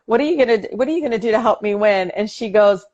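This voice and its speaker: Speaking quickly in a mid-range voice, a female politician chats as a guest on a video call interview. She laughs a lot, tells lively stories and performs the lines of family members, while the audio has its highs cut off.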